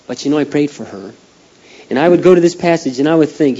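A middle-aged man preaching a heartfelt sermon, dropping to a hush and then rising to loud pleading. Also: a little high, fast. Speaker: pastor. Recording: dull lo-fi sound.

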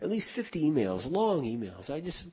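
A middle-aged man telling heartfelt stories in a sermon, earnest, dropping to a hush and then rising loud for emphasis. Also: on the high side, sing-song, normal speed, slightly rough, muffled recording. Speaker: speaker.

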